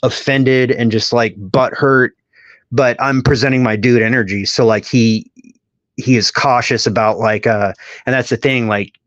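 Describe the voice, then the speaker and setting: A man of middle pitch rambles through a long, profane story on a casual podcast. His voice comes through dry and a little dull, as on a lo-fi recording. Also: steady tone, moderate pace, a bit bright, no echo. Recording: dull lo-fi audio.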